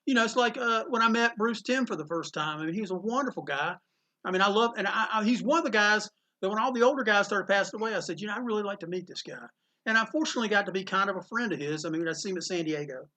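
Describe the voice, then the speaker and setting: A man's voice: high-pitched, fast talker. A middle-aged man from North Carolina, a comic shop owner, telling anecdotes in a casual interview and acting out the quotes. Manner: animated anecdotes with acted-out quotes. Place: inside his comic shop.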